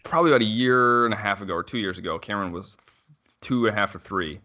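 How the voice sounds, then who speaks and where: A man's voice: lowish voice, bright, forceful tone, muffled recording. A man, a father, in his thirties, chatting casually and rambling with lots of fillers and restarts. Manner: rambling, frequent "like" fillers and self-restarts, quick laughs. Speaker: father telling a story. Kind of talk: casual conversational chat.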